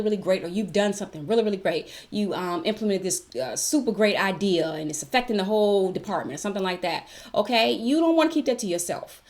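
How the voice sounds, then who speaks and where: A woman gives career advice in a casual talk-to-camera vlog. She speaks emphatically, repeating key phrases and checking in with the listener. Her voice sits in an ordinary middle pitch. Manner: emphatic, keeps checking in with "okay?"; chatty, repeats herself for emphasis. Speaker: vlogger giving workplace advice.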